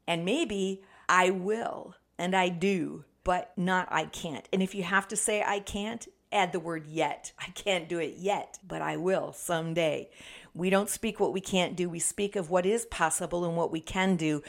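A woman's voice: lowish voice, creaky. A woman hosting a Christian motivational podcast, speaking with an emphatic, preacher-like delivery. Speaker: podcast host.

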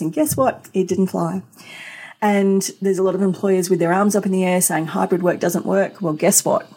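A woman's voice: medium pitch, a little fast, warm tone, slightly rough. A middle-aged woman hosting a solo business podcast, talking in an emphatic, conversational way with rhetorical questions. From Australia. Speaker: podcast host.

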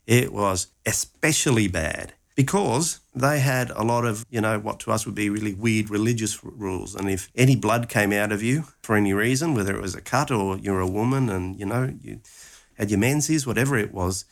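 A man's voice: fairly low pitch, normal speed, gravelly. A man retelling a Gospel story conversationally, acting out its lines with animation.

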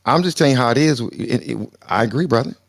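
A man's voice: medium pitch, quick pace, gravelly. A man moderating a live chat room, casual and streetwise, joking and calling people brother. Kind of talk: casual slangy banter.

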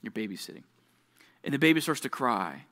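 A man's voice: mid-range voice, big pitch swings, brisk, pushed and bright. A young man, a youth pastor, giving a casual, conversational sermon to teenagers, full of rhetorical questions.

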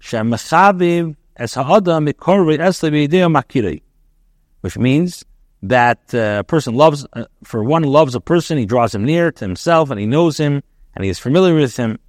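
A man's voice: on the high side, animated, moderate pace, no echo. Man, rabbi teaching a text class, reads phrase then explains, dry close sound. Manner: reads phrases then explains in plain English, with fillers and restarts. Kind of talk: line-by-line text study, reading Hebrew then translating.

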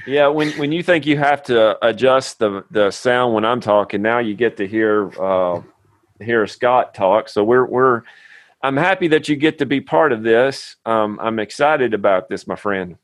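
A man from Tennessee, USA, hosts a podcast, opening with a scripted intro before moving into a friendly, earnest interview-style chat. His voice is mid-range and measured in pace, with no echo.

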